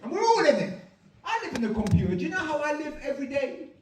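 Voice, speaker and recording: A man's voice: very high-pitched, very animated, fast talker, recorded from a distance, background noise. A man doing a crude, rowdy stand-up comedy set in a club, often laughing through his lines. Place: comedy club with live audience. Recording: echoey room, from afar, loud crowd.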